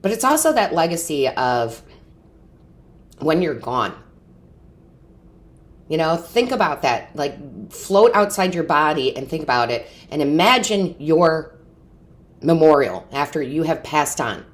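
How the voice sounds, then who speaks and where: A woman with a notably low voice delivers an intuitive tarot reading to her viewers. She speaks with earnest, heartfelt feeling and keeps checking in with a quick "right?" or "okay?". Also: sing-song. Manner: earnest, emotional, often asks "right?" and "okay?". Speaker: tarot reader and medium.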